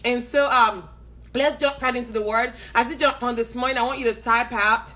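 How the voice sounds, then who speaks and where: A woman preacher opening a live broadcast. She greets her viewers by name one after another, sounds excited and laughs often. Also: on the high side, moderate pace.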